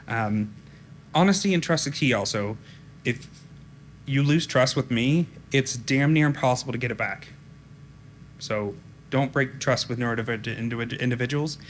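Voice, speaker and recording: A man giving a conference talk in a flat, direct, informal way, often saying "um". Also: medium pitch, slight background noise. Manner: direct, informal, frequent ums. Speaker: conference speaker. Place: conference room.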